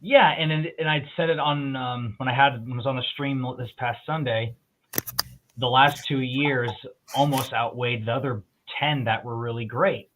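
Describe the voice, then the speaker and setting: A man talking in a casual chat, telling profane, animated stories. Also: medium pitch, moderate pace, a little hiss or hum. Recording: tinny phone-like line.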